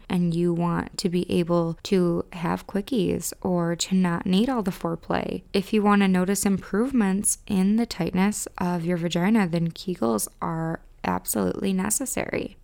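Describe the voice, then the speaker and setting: A woman's voice: on the low side, creaky, darkish tone. Frank Midwestern woman podcast host. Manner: chatty and frank, with frequent "like" fillers. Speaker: podcast host and romance specialist. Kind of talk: casual podcast monologue.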